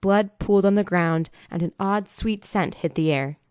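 A woman narrating a thriller audiobook in a steady, measured way. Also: mid-range voice, smooth, dry recording, clean studio sound. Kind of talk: scripted narration.

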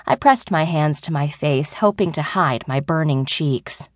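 A woman narrating an adult audiobook in the first person with an even storytelling delivery. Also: low voice, unhurried, no room sound, studio quality.

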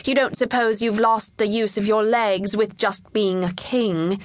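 A woman voicing a brisk, no-nonsense nurse scolding a child in a children's storybook. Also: mid-range voice, steady tone, no room sound, close to an everyday voice.

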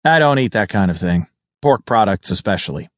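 A man's voice: lowish voice, expressive, a little fast, fairly bright tone, dry recording. An actor narrating an audiobook and voicing a smug middle-aged male governor with a prim, clipped, self-important manner. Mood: haughty.

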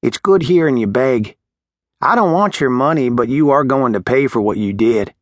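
A man's voice: medium pitch, lively intonation, normal speed, dry recording, studio quality, lightly acted. A male narrator playing a burly, menacing attacker who speaks in a harsh, snarling whisper. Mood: taunting.

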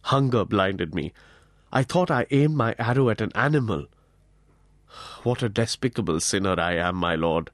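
A frightened hunter full of remorse pleads and stammers, as a man reads him aloud in an audiobook. His voice trembles and jumps upward when he panics, over a fairly low base. The sound is dry and close, with no room around it. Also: expressive, moderate pace, no echo, close to an everyday voice. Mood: pleading. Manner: pleading, trembling, higher-pitched outbursts. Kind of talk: audiobook character voice.

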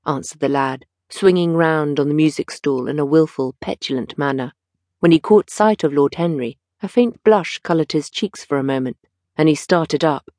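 Woman narrator, lowish voice, dry studio sound, measured storytelling. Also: mellow, no room sound. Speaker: audiobook narrator. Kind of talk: scripted narration.

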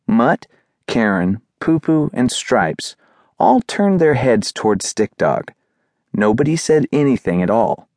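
A man narrating a children's audiobook with expressive storytelling. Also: mid-range voice, takes it slowly, dry recording, clean studio sound.

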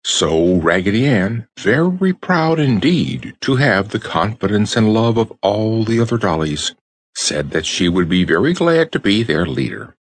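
A man narrating a children's storybook audiobook with expressive storytelling. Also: fairly low pitch, unhurried, slightly rough, dry recording.

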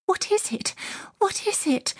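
A woman narrator voicing a frightened young English lady who pleads in a high, panicked voice. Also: a little slow, no room sound, clean studio sound, lightly acted.

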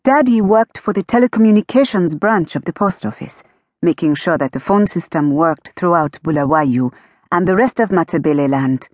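A woman narrating an audiobook in a steady storytelling manner, lightly amused. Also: on the low side, normal speed, dry recording, clean studio sound.

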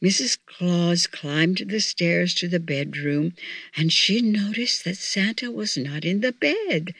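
Slow-reading woman storyteller. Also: on the low side, fairly bright tone, husky, dry recording. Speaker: audiobook narrator. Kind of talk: children's story narration.

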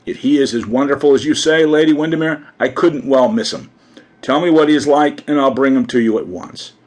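A man voicing an eager, courteous young gentleman. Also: mid-range voice, a little fast, voice pushed up, close to an everyday voice.

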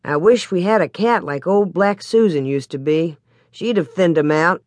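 A woman voicing a steady pioneer father. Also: on the low side, moderate pace, no echo, lightly acted. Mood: calm. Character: steady pioneer father, plain-spoken and patient.

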